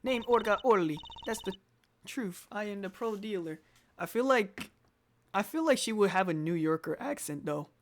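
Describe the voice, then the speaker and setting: A woman's voice: medium pitch, lively intonation, moderate pace, slight background noise, lightly acted. A woman voicing a brash, confident con-artist card dealer with a put-on New York accent.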